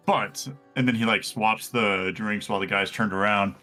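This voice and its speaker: A man, a player at a tabletop game, describing something in casual chat, searching haltingly for his words. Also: fairly low pitch, steady tone, pushed and bright, faint music behind.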